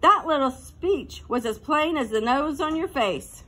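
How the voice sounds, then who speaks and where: A woman doing an anxious, excitable fifth-grade boy. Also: unhurried, full character voice. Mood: worried. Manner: wailing, high and worked up.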